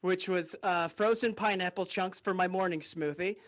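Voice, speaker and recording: A man's voice: high-pitched, moderate pace, fairly bright tone. A male comedian doing a rambling stand-up set over a video call, often chuckling at his own jokes.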